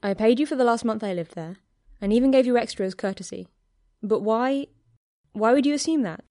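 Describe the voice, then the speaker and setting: A woman reading the lines of a shy, awkward young man in a story, hesitant and soft-spoken. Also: a little high, a little fast, dry recording, clean studio sound, lightly acted. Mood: tense. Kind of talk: audiobook character reading.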